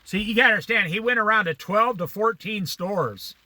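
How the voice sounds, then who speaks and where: Brisk and high-voiced, a middle-aged man vlogs a casual story. He animatedly voices the people in it by raising his voice, laughing along at his own tales.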